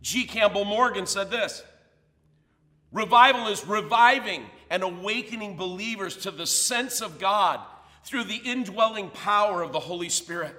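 A man's voice: high-pitched, lively intonation, moderate pace, sharp tone, big-room sound. A man preaching a sermon as pastor, emphatic and full of rhetorical questions.

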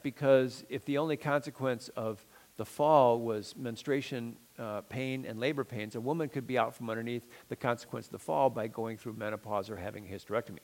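A middle-aged man, a pastor, preaching a sermon in a conversational, storytelling way, often checking in with "okay?". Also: mid-range voice.

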